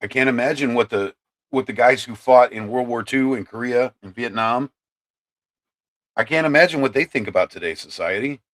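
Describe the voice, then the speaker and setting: Ohio man, 50s, livestream host; heated political rant to chat, stumbles and repeats words, mid-pitched voice. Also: moderate pace, a bit bright. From Ohio, USA. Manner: ranting, repeats and restarts words.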